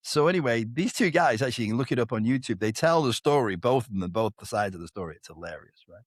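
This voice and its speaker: A man telling stories casually as a podcast guest, animated and swearing freely, acting out other people's voices. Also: mid-range voice, fast talker, no echo, studio quality. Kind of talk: casual storytelling chat.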